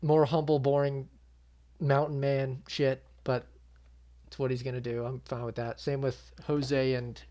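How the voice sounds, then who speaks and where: Speaking to viewers in an off-the-cuff recap, this young MMA channel host reacts casually, blunt and fed up, swearing without restraint. His mid-range voice stays level, unhurried and mellow, though the recording sounds muffled.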